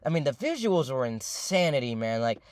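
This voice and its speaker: A young man with a mid-range voice and big pitch swings tells a long, winding story at normal speed, casual and profane, heavy with fillers and repetition, often hailing his listeners as "ladies and gentlemen." The recording is dry and studio-clean.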